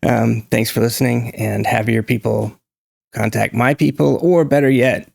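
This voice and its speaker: A man's voice: medium pitch, fairly even intonation, moderate pace, vocal fry, darkish tone, no echo. A man from Georgia with a standard American accent lightly tinged with Southern vowels, talking casually on his own channel in a chatty, hesitant way with many fillers and restarts. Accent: standard American with a slight Southern tinge. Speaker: host. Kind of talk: casual solo talk.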